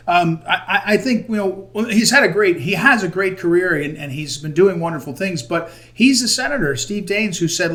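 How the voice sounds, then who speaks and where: A man interviewing a guest over a video call, halting often with fillers and restarts. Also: on the high side, fairly bright tone. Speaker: interviewer for a conservative group.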